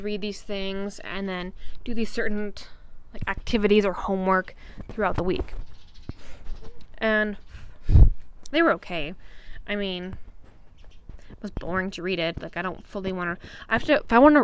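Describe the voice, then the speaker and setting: A young adult Canadian woman hosts her own podcast, chatting casually on her own in a blunt, profane, rambling way. Her voice is mid-range, with slight background noise.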